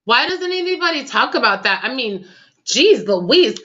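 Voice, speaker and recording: A woman's voice: high voice, very animated, moderate pace, pushed and bright, muffled recording. A woman hosting a political talk show, impassioned and tearful, speaking in casual slang. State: crying. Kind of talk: emotional political commentary.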